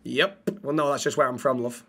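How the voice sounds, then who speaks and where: A man's voice: mid-range voice, fairly even intonation, a little fast, a bit bright. A man from Manchester with a Mancunian accent, teasing and swearing through casual in-character banter as a role-play streamer. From Manchester, England. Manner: cheeky, teasing, sweary, calls people love.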